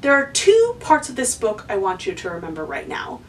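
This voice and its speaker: A woman's voice: mid-range voice, huge pitch swings, normal speed, distant mic, a little hiss or hum, rough recording. A woman hosting a lesson for kids, encouraging and asking the viewer questions. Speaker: children's educator and host.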